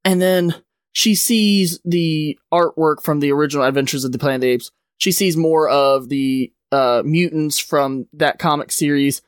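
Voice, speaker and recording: A man's voice: on the high side, fairly even intonation, normal speed, clear, resonant tone, no echo, clean studio sound. A man hosting a podcast, casually retelling a comic's plot with plenty of "like" and "uh" fillers. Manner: rambling retelling, many "like" and "uh" fillers. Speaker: podcast host. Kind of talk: casual comic book recap.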